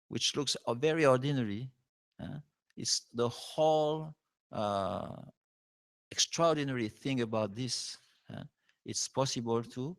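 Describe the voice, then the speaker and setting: A visiting spiritual teacher, a man, gives a devotional lecture in non-native English, pausing often and checking in with "huh?". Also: fairly high pitch, fairly bright tone. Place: temple hall.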